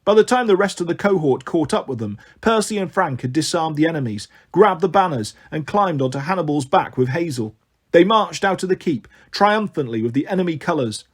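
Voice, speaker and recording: A man reading a novel aloud as an audiobook narrator, measured and expressive. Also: a little high, slightly rough. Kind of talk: storytelling narration.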